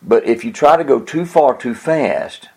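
A man's voice: mid-range voice, unhurried, darkish tone. A man giving an earnest, plain-spoken teaching talk on how to preach, with a chuckle now and then. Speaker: preaching instructor.

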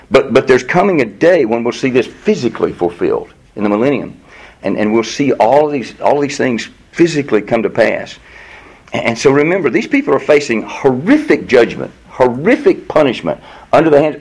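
A man's voice: mid-range voice, vocal fry, breathy edge, low-quality recording. A man preaching a sermon as pastor, earnest and explanatory, often restarting his sentences.

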